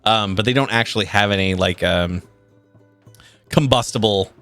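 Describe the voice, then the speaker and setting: A man's voice: fairly low pitch, normal speed, a bit bright, soft background music. Casual rambling game master man. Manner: casual, rambling, heavy use of filler words. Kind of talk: narrating a tabletop game.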